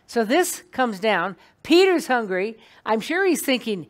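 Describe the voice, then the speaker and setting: A woman leads an evening Bible class in a meeting room, her voice sitting fairly high. She teaches in a chatty, animated way, often stopping to put questions to the group in front of her. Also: unhurried.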